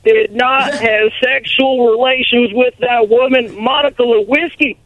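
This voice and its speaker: Caller doing a folksy drawling old president, high voice over a muffled line. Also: male voice, fairly even intonation, measured pace. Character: impression of a former male president, folksy.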